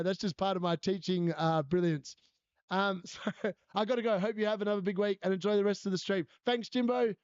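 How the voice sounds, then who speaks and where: A man's voice: high voice, darkish tone, clean tone, dry recording. A man, hosting a fantasy football live stream, telling a story in casual chat and laughing often while he answers viewers. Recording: dull lo-fi stream audio.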